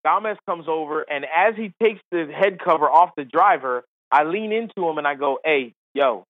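A man, a golf commentator and former caddie, telling a comic story in an animated, quick way, laughing between lines. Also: on the high side. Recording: phone-like line, dry.

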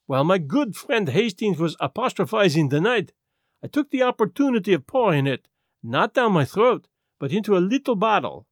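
A man voicing a small, fussy, self-assured male detective who speaks gently and in a measured, lecturing way. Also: high voice, very animated, dry recording, studio quality. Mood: placid.

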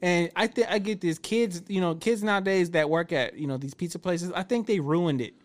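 A man's voice: high voice, fairly quick. A married man telling a story in casual chat, acting out the quotes with a lot of swearing. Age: adult, married. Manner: animated storyteller, acts out quotes, swears freely.

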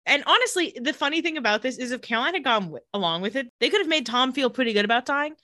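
A woman co-hosts a podcast, chatting through a TV episode and dipping into lower voices for the characters' lines. Her voice is bright and animated, and the recording is dry and close. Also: quick pace, dry recording. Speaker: podcast co-host recapping a TV episode. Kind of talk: casual chat with acted-out quotes.

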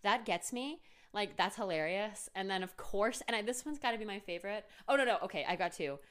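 A woman's voice: medium pitch, animated, brisk, a bit bright. A woman co-hosting a podcast, chatting casually about a TV show, chatty with lots of fillers and frequent laughs. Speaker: podcast co-host.

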